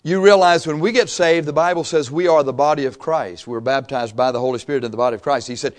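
A man preaching a sermon, impassioned and emphatic, swinging from loud peaks to quiet asides and repeating phrases for emphasis. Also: medium pitch, fast, few pauses.

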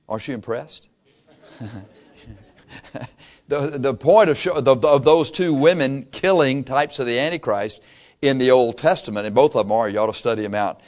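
Pastor leading a Bible study, conversational storyteller with a mid-range voice, quizzes the congregation. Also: male voice, medium pitch, a little mellow. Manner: conversational storytelling, asks the congregation questions, chuckles. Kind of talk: Bible teaching sermon.

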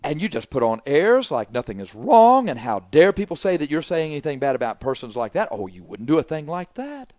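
A man preaching a sermon, scolding forcefully and swinging between loud emphasis and quiet asides. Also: a little high, very animated, fairly quick, few pauses, dry recording.

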